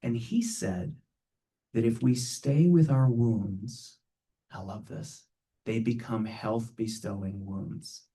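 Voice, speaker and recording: A man's voice: mid-range voice, takes it slowly, mellow, distant mic. A man giving a conversational spiritual talk to a live audience, playful and earnest, often checking in with a rhetorical "right?".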